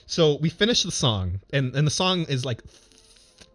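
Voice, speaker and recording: A man's voice: fairly high pitch, very animated, unhurried, a bit bright. A man telling a long personal story in a casual, rambling way, full of fillers and restarts and breaking into laughter. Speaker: streamer.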